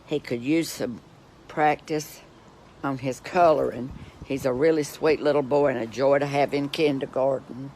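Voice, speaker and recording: A man in his sixties talking casually to camera, animated and flamboyant, swooping up into high exclamations as he tells gossipy stories. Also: moderate pace, slight background noise. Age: 60s. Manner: gossipy anecdotal storytelling. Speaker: actor telling stories to camera. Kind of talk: casual social media monologue.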